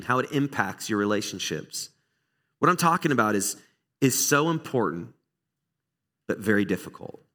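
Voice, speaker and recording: A middle-aged man speaks at a medium pitch, preaching a conversational sermon in his role as pastor. Candid and animated, he pokes fun at himself as he tells stories from his own life.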